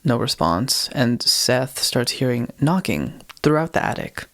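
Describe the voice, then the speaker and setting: A man's voice: mid-range voice, very animated, a little slow, fairly bright tone. Rambling man retelling a ghost story. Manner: rambling, self-correcting storyteller with giggles. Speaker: podcast co-host. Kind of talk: casual chat retelling a ghost video.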